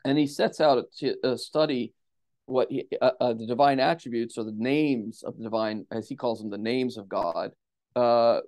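Man, theologian guest, measured lecturing cadence, mid-pitched voice. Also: darkish tone. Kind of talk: podcast interview answers.

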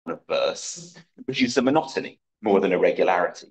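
A man giving a conference talk, reading an academic paper aloud in a measured, precise way with dry wit. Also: low-pitched, animated, a little mellow, poor audio. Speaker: conference speaker.

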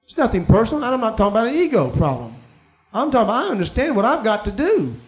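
High-voiced preacher telling a church story. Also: male voice, big pitch swings, quick pace, lo-fi sound. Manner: storytelling preacher, rising to emphatic peaks. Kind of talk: sermon.

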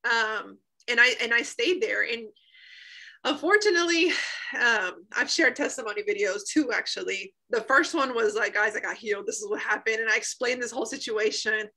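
A woman in her thirties telling an emotional personal story, animated, often laughing and acting out what people said. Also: a little high, normal speed, low-quality recording. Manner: animated, laughs often, acts out quoted voices. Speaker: guest sharing a healing testimony.

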